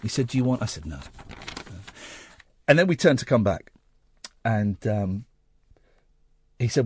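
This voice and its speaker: A man hosting a late-night radio phone-in, telling a story in an animated way and acting out the voices he quotes. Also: fairly low pitch, a little slow, pauses often, slightly rough, dry recording, clean studio sound. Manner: animated, acts out quoted voices, rising to shouts. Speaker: radio host.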